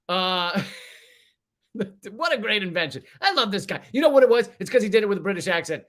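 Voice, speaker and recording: A man's voice: high-pitched, lively intonation, fairly quick, fairly bright tone. A man hosting a livestream, ranting in a casual, profane, rambling way with many restarts. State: sweating from heat. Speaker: comedian livestream host.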